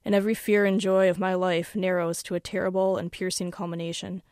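Woman reading fiction, wry and low. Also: little pitch movement, a little mellow, clean tone, no room sound, studio quality. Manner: wry, measured storytelling. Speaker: author. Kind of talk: reading her own first-person fiction.

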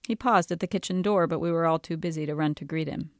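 A woman author reading her own novel aloud in a calm, measured way. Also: low voice, no echo, studio quality.

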